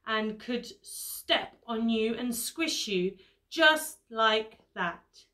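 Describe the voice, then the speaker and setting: A woman's voice: a little high, animated, drawn-out words, bright, forceful tone, full character voice. A woman voicing a small, glum lost boy in a storybook who sniffs and talks solemnly. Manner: sniffly and solemn, spooking the others.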